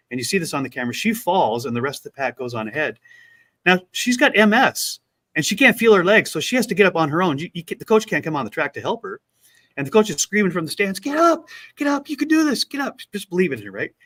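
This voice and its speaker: A man co-hosting a casual chat, retelling a story with lively acted-out quotes. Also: a little high. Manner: animated retelling, acts out quotes. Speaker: podcast co-host.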